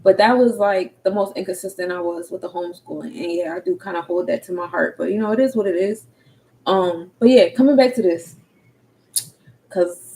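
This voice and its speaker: A woman's voice: mid-range voice, darkish tone, rough recording. A woman in her thirties with a Philadelphia accent, talking candidly and casually in slang, cursing freely as a tarot reader and energy coach. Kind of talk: casual livestream talk.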